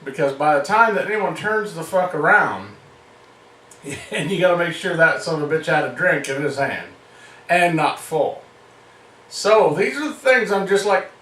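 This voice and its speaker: High-voiced man telling a profane story. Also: lively intonation, normal speed, a bit bright, reverberant, distant mic, rough recording. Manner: profane, laughing often. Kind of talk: casual comic storytelling.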